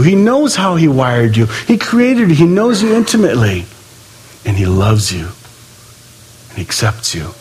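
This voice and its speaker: A man preaching a sermon in an animated way, acting out quoted voices and swinging between loud and hushed delivery. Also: mid-range voice, slightly rough. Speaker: pastor.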